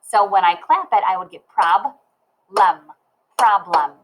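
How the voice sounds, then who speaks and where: A woman teaching a phonics lesson to young children, sounding out word parts slowly and clearly. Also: mid-range voice, very animated, low-quality recording.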